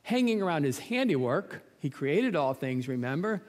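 Man preacher with a higher voice and a light, joking manner, who asks rhetorical questions, in a long-reverb hall. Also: sing-song, normal speed. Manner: conversational, humorous, full of rhetorical questions. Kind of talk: sermon.

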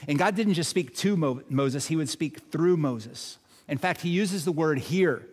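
Pastor, male; preaches with repetition, big swings to a hush; slightly high voice, long hall echo. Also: a little slow, husky. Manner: dramatic swings from loud emphasis to hushed low delivery; repeats phrases for emphasis, addresses congregation directly. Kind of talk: sermon. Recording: echoey hall reverb.

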